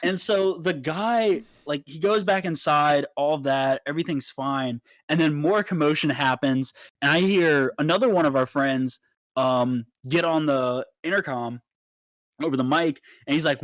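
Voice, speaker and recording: Animated young man telling a story. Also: fairly high pitch, measured pace, no room sound. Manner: animated, swears freely. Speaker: podcast co-host. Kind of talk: casual storytelling.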